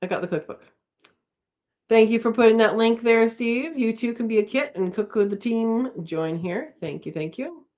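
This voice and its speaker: A woman's voice: fairly high pitch, moderate pace, a little mellow, muffled recording. A woman hosting a casual live chat from home, reading viewer comments aloud and laughing often. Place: home, indoors.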